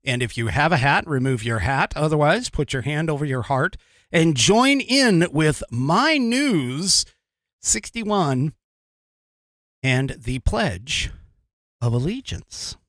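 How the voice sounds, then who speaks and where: A man's voice: fairly high pitch, big pitch swings, takes it slowly, a bit bright, no room sound, studio quality. Rambling, chuckling male podcast host. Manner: rambling, chuckling often, with many fillers. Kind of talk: casual livestream talk.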